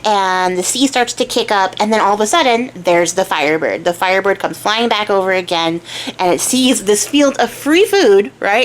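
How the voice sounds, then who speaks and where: A woman's voice: mid-range voice, a little hiss or hum, low-quality recording. A young woman hosting a crafting channel, telling a folk tale in a chatty, casual way with frequent fillers. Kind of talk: casual storytelling.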